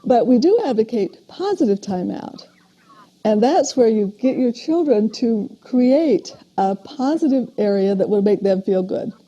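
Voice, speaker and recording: An older woman, a parent educator, giving a steady, explanatory lecture on parenting in a recorded talk. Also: on the high side, measured pace, breathy edge. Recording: dull lo-fi video playback.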